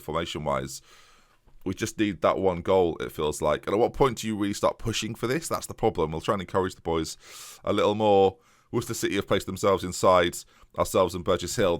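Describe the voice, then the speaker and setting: A man with a fairly low voice and a sore throat commentates on his football management game for his viewers. He talks fast and excitably, stumbling into restarts as the match swings, and sounds close and dry on a desk microphone with no room sound. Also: no room sound. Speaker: gaming YouTuber. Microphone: USB desktop microphone.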